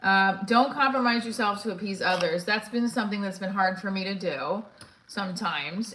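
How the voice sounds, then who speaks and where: Speaking at normal speed in a medium-pitched voice, a comedian chats candidly through a casual vlog of her day. Her talk rambles, full of swearing and frequent restarts, and the room echoes with faint noise behind her.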